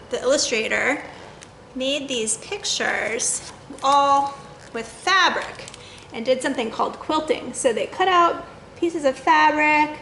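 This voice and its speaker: A woman with a high, bright voice hosts an online story time for children. She talks in an unhurried, gently chatty way, with a little gravelly fry in her tone. Faint background noise runs under the recording. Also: reverberant, poor audio. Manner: reads the quacks in a bouncy sing-song. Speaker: children's librarian.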